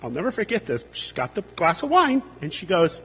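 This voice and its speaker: Husky man telling stories in a reverberant hall. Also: high-pitched, a little fast, soft background music. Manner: humorous, animated when quoting others. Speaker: eulogy speaker, friend and colleague. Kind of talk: memorial eulogy, anecdotal storytelling. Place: memorial service venue.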